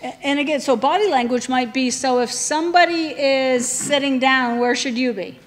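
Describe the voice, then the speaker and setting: A woman's voice: high voice, normal speed, in a large hall. A woman leading a training session, talking conversationally and putting questions to the room.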